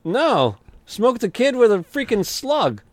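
A man's voice: extremely high pitch, sing-song, slow pace, darkish tone, no room sound. A man on a casual podcast panel, blunt and profane in his opinions.

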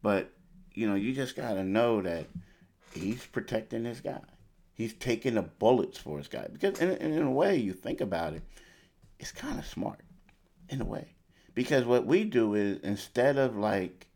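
A man's voice: on the low side, lively intonation, a little slow, vocal fry, a little mellow. A man hosting a sports talk show, speaking casually and conversationally, often repeating himself for emphasis. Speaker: sports podcast host.

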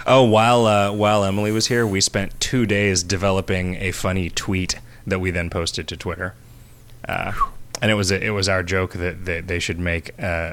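Man, very deep voice, casual podcast chat, rambling, laughs a lot. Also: level tone, normal speed, fairly bright tone. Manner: rambling, laughs often, crude jokes. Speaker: podcast co-host.

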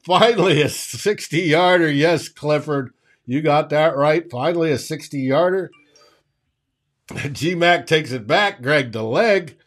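A man's voice: a little high, vocal fry. A man doing live fan play-by-play of a football game, answering viewers in his chat by name. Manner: slow, drawn-out calling that bursts into shouting on big plays. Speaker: fan livestream host calling the game.

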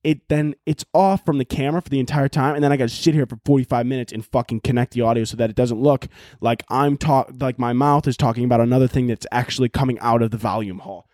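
A young man hosting a solo podcast at home, talking in a loud, profane, animated rant and shouting at times, recorded on laptop audio. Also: medium pitch, fast talker, no echo, clean studio sound. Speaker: podcast host.

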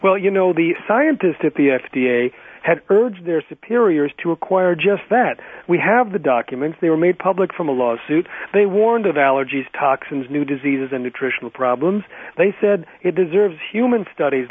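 A man talks as a guest on a radio interview, rapid and insistent, piling up facts. His voice sits a little high. The sound is tinny, like a phone line, and very dry. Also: lively intonation, no echo. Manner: rapid, insistent, fact-heavy. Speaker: guest activist.

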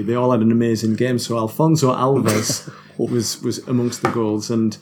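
A man's voice: medium pitch, steady tone, moderate pace, darkish tone, slight background noise. A man, chatting as a podcast guest about football, self-deprecating, laughing often and restarting his sentences. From North East England. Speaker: guest musician. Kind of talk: casual podcast chat.

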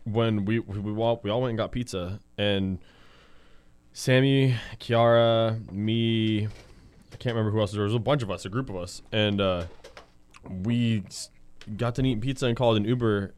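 Male podcast co-host, lower smooth voice, easygoing and crude. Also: steady tone, normal speed, a little mellow. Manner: laid-back, profane, teasing. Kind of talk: casual podcast chat.

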